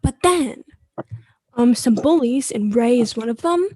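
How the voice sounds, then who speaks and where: A young woman casually retelling a movie plot as co-host, slipping into quick quoted voices. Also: a little high, animated, warm tone, husky, no room sound. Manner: retells scenes with quick put-on character quotes. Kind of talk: casual chat.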